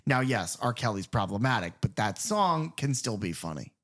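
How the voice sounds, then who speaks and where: Animated swearing man on a podcast. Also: on the low side, moderate pace. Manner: animated, swears freely, mimics characters in quoted voices. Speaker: podcast co-host. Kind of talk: casual film discussion.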